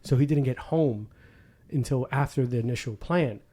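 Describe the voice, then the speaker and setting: A podcast host chats casually in a medium-pitched voice at a normal speed. He tells stories full of swearing, animatedly acting out the quotes.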